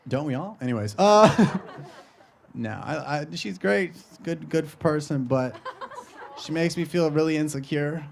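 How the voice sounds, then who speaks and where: Brash young comedian, crude and loud. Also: male voice, a little high, measured pace, vocal fry. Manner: brash, crude, laughs at own jokes. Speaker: stand-up comedian. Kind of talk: stand-up comedy. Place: live comedy stage.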